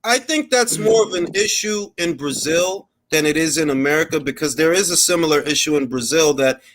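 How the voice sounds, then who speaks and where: A man's voice: a little high, a little fast, fairly bright tone. A man from the Dominican Republic hosting a casual panel chat, giving blunt, profane opinions and slipping into Spanish phrases. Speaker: host.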